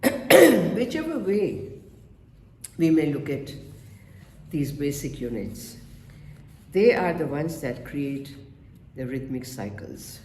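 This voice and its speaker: A man giving a webinar lecture on rhythm in music and dance, counting beats aloud and pausing often. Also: fairly high pitch, big pitch swings. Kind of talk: slow spoken lecture. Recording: echoey room, faint background noise.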